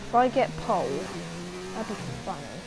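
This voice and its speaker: A woman's voice: mid-range voice, sing-song, moderate pace, noisy background. A young woman giving casual, exasperated, self-mocking commentary while playing a racing game. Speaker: gamer.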